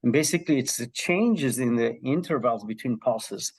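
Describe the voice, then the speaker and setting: A man's voice: medium pitch, animated, normal speed, darkish tone, slightly rough. A man from Israel, a health psychology professor, telling stories as a guest in a conversational interview, with frequent ums and restarts.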